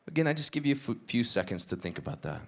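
A man preaching a sermon, retelling a parable with lively acted-out dialogue and casual asides. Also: fast, slightly rough. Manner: animated storytelling, acts out dialogue with shifting pitch. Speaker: pastor.

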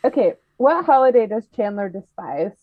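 A woman's voice: medium pitch, sing-song, normal speed, dry recording. Giggly woman podcast host, dull dry mic. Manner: chatty, giggly, quizzing. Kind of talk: casual chat.

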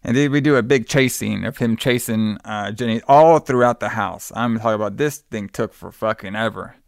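Gravelly dude going over a movie plot, swears a lot, dry close sound. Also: male voice, on the low side, dry recording. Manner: rambling, profane, acts out characters in quick quotes. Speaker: podcast co-host. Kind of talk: casual movie recap chat.

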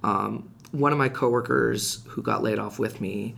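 A man telling a personal story in casual podcast chat, animated and rising in pitch when reliving heated moments. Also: normal speed, gravelly, a little hiss or hum. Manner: frequent restarts and fillers, conversational. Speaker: podcast guest.

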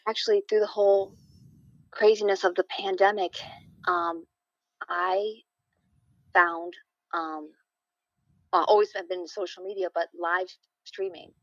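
Female interview guest, upbeat and enthusiastic, mid pitch, dry and slightly dull sound. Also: fairly even intonation, unhurried, long pauses, dry recording. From upstate New York. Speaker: guest, singer and live streamer. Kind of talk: casual interview.

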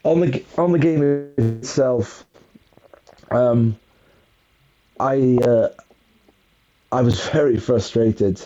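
A man's voice: medium pitch, takes it slowly, pauses often, muffled recording, music in the background. A man co-hosting a casual football podcast, rambling and self-mocking as he talks through the match. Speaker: podcast co-host.

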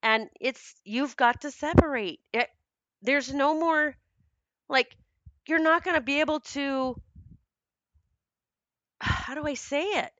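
A woman's voice: high-pitched, slow pace, pauses often, a bit bright, no room sound, dull audio. A woman hosting a casual spiritual monologue, earnest and rambling, laughing often and swearing casually. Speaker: spiritual podcast host.

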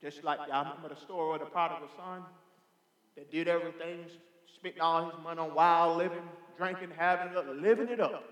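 A man's voice: on the high side, steady tone, fairly quick. A man preaching a sermon in a church sanctuary, fervent and emphatic, calling out hallelujah and amen. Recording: reverberant church hall.

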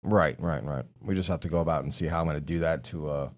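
A man's voice: a bass voice, fast, slight background noise. A man co-hosting a podcast in casual chat, telling stories in a profane, rambling way. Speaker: podcast co-host.

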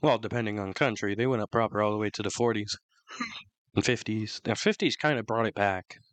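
A man co-hosting a podcast in casual, opinionated chat, rambling with many restarts, his throat still rough from flu. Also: on the low side, a little fast, a bit bright, no room sound. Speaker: podcast co-host.

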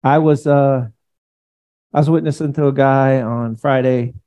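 A male pastor preaching a sermon in an animated, conversational way, acting out quotes as he goes. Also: medium pitch, measured pace.

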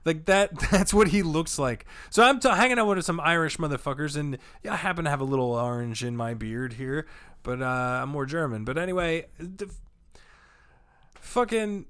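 A man's voice: on the high side, expressive, moderate pace, fairly bright tone, smooth, dry recording, studio quality. A man, a comedian chatting loosely on a podcast, rambling and swearing often. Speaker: comedian guest. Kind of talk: casual podcast chat.

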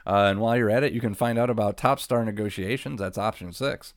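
A man with a very low voice talks through a recap in a loose, rambling way. He swears casually and laughs now and then. The sound is dry and close. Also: quick pace, no echo. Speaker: podcast co-host.

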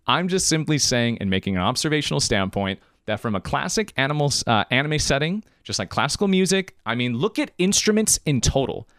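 A man's voice: fairly high pitch, a bit bright, no echo, clean studio sound. A man hosting a live-streamed podcast monologue, emphatic and choked up, repeating phrases for emphasis. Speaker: podcast host.

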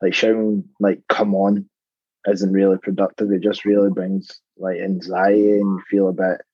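A man's voice: low-pitched, level tone, normal speed, dark tone, husky, no room sound, muffled recording. A male football player as a guest in a casual interview, plain-spoken and hesitant with lots of "like".

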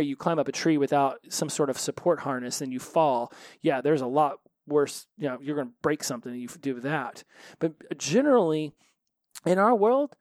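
A man's voice: on the high side, a little mellow, no room sound, studio quality. A man hosting a solo recovery podcast, talking earnestly and animatedly, often repeating phrases for emphasis.

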